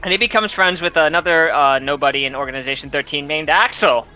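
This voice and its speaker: A man's voice: on the high side, fast talker, over music. A man casually retelling a game's story, rambling and swearing, often laughing. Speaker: host retelling a game's plot. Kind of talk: casual drunk chat.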